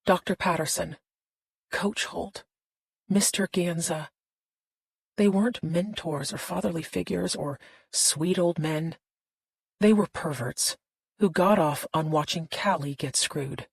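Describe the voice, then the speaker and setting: Low husky woman narrating a thriller. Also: takes it slowly, dry recording, low-quality recording. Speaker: audiobook narrator.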